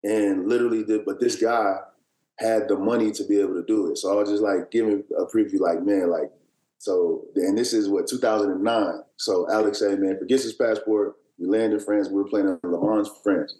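A low-voiced man spins a loose, winding story as a podcast guest, leaning on fillers and false starts. His deep voice carries a roomy echo around it. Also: fairly even intonation, brisk, mellow. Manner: rambling, filler-heavy storytelling with many restarts. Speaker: guest, basketball player. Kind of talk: casual storytelling.

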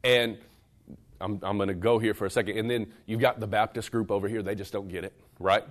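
Speaking fairly low and a little fast, a male pastor preaches to a live audience gathered in a church service room. His delivery is lively and conversational, aimed straight at the listeners, and it shifts from forceful, loud moments to softer, more intimate ones.

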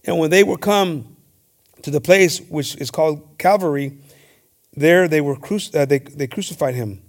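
A man's voice: a little high, moderate pace. A man preaching a bilingual sermon, reading scripture and often stammering and restarting as he calls his listeners "hermanos". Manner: switches between English and Spanish, repeats "hermanos".

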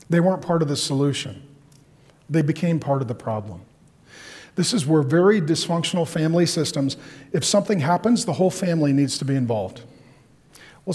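A man preaching a sermon in a lively, joking way, acting out complaining voices. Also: a little high. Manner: animated, jokey, acts out complaining voices. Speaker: pastor.

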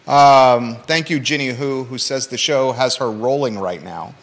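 A man's voice: medium pitch, measured pace, gravelly, slight background noise. A male talk show host who reads the local news and then jokes around with his co-host, pushing him with teasing repeated questions. His voice sits in a middle range, and the room gives it a long, lingering reverb.

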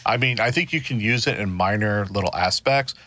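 A man's voice: on the low side, fairly quick, bright, forceful tone, no echo. A man in a casual discussion, explaining his points at length with frequent restarts.

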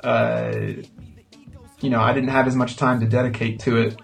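An American man talks as a guest in an interview, slow to find his words and pausing often. His voice sits at an ordinary middle pitch. Faint music runs underneath. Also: flat delivery, creaky. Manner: hesitant, thoughtful, many fillers. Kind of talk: casual interview chat.

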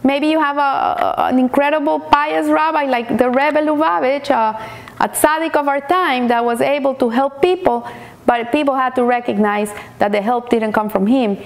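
Halting woman giving a weekly Torah talk. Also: sits high. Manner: halting restarts, repeats words while searching. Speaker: Torah teacher.

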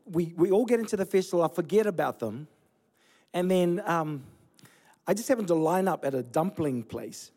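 A man in his forties, originally from Fiji, preaching a sermon as pastor with animated storytelling and self-deprecating humor. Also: high-pitched. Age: 40s. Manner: storytelling, animated, laughing at himself. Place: church.

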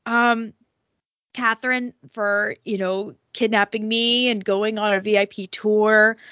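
A woman's voice: mid-range voice, steady tone, takes it slowly, bright, forceful tone, clear, resonant tone, no room sound, lo-fi sound. A woman co-hosting a podcast in casual chat, emotional and rambling, with lots of fillers and swearing. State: tearful. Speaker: podcast co-host.

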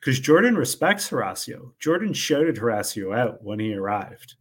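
A man co-hosting a recap show, walking through his reasoning in a measured way. His voice sits at an ordinary middle pitch. He sounds casual and conversational. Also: very animated, fairly bright tone, slightly rough. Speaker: podcast co-host.

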